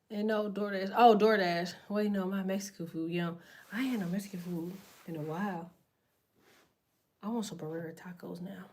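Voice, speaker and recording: A woman's voice: mid-range voice, fairly even intonation, moderate pace, a little mellow. A woman hosting a casual livestream from her bed, talking to viewers in a rambling, profane, slangy way. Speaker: tarot livestream host. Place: in bed at home.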